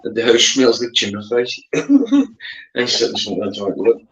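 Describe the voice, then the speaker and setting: A man's voice: fairly low pitch, wildly swooping pitch, unhurried, highs cut off, a little hiss or hum. Rambling Northern Irish man, roomy sound. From Northern Ireland. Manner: rambling, repeats himself, calls his friend mate. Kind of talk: casual chat.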